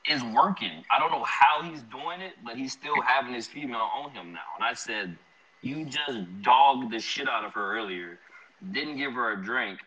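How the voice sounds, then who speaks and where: Young guy spinning a slangy story, bright edgy voice, kinda dull lo-fi sound. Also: medium pitch. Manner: animated, slangy, laughs often. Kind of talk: casual storytelling.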